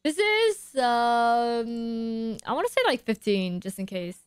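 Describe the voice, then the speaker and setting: A young woman streaming her game pulls, excitable, gasping and shrieking as she reacts to her chat. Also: fairly high pitch, slow pace, clean tone, no echo. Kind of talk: live-stream gacha reactions.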